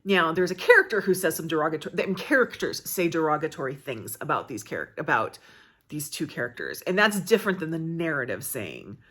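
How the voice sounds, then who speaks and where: Chatty American woman with lively pitch. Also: brisk, breathy edge. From United States. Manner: chatty, animated, thinking aloud with many fillers. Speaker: book vlogger. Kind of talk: casual book review chat.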